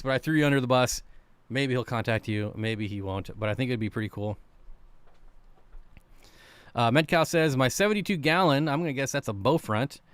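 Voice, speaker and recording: A man with a smooth, medium-pitched voice hosts a casual aquarium live stream, recorded with no echo. He keeps things relaxed, chatting and reading viewer comments out loud.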